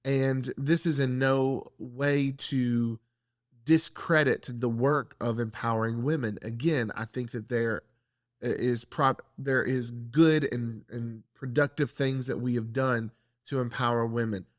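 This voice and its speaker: A man leads a faith-based conversation in a measured, reflective tone. His voice sits at an ordinary pitch for a man. The sound is dry, with no room echo. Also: steady tone. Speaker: church podcast host.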